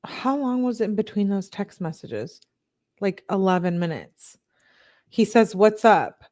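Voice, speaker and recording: A woman's voice: medium pitch, animated, a little slow, darkish tone. A woman reading text messages aloud, lifting her voice for the quotes and breaking off with blunt, candid asides. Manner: reads quotes in a slightly raised voice, blunt asides. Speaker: true-crime commentator.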